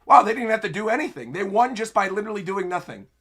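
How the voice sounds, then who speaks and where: A young man reacting live to a manga chapter, narrating the panels and breaking into excited exclamations. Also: sits high, very fast. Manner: narrates panels while reading aloud. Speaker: anime streamer.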